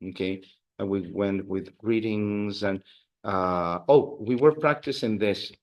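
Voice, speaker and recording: A man's voice: fairly low pitch, slow pace. A man teaching a Spanish class, explaining grammar and leading drills, with many fillers and restarts. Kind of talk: classroom language lesson.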